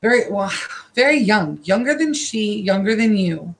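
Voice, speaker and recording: A woman doing a live-streamed psychic reading from her own room. She talks haltingly and emotionally and repeats herself often. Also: mid-range voice, lively intonation. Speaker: psychic card reader.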